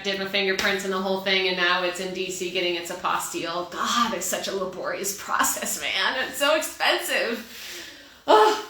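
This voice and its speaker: A woman from Texas with a faded Texas accent, chatting casually as a podcast host, laughing easily and swinging her pitch up and down. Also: sharp tone, roomy sound. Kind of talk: casual chat.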